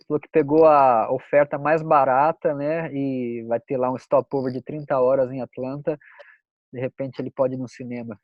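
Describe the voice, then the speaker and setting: A man with a Brazilian accent hosting a video call interview, translating his guest between English and Portuguese in a lively, laughing way. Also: on the high side, no room sound, highs cut off. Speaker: host and interpreter.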